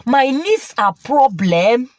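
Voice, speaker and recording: A woman voicing a patient young husband, dropping her voice lower to speak calmly and plead. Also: slow pace, no echo. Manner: calm, pleading, consoling.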